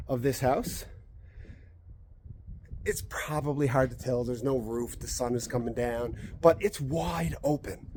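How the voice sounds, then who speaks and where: A man's voice: mid-range voice, dark tone, husky. A man who works in real estate, walking through a house frame outdoors and explaining the construction in a chatty, emphatic way. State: a little out of breath. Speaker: real estate agent touring a house build. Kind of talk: walkthrough explainer vlog.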